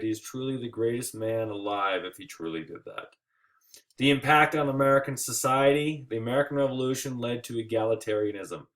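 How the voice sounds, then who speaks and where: A man giving a recorded history lecture over slides, casual and joking, with playful asides and quick put-on voices. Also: mid-range voice. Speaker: history teacher.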